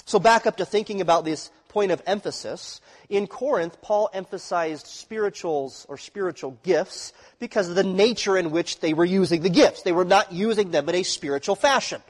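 A man with a notably high voice preaches an expository sermon in a church sanctuary, and his voice trails off into a long reverb. He teaches as he goes and keeps checking that his listeners are following. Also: normal speed, few pauses. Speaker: pastor.

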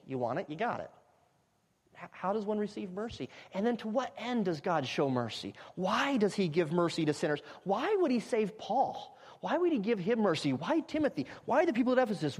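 A man preaching an expository sermon, emphatic, repeating phrases and building to loud climaxes. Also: high-pitched, big-room sound.

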